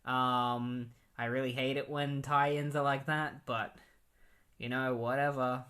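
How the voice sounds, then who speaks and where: A man talks through comic book plots in a loose, casual recap. His delivery rambles and leans heavily on fillers. His voice sits at a middle pitch for a man. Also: flat delivery, slow, pushed and bright.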